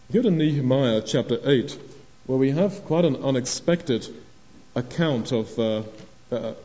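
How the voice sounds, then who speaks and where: Halting older preacher, mellow voice. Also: male voice, medium pitch. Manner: halting, repeats words, acts out quoted voices. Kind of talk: sermon. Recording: dull lo-fi recording.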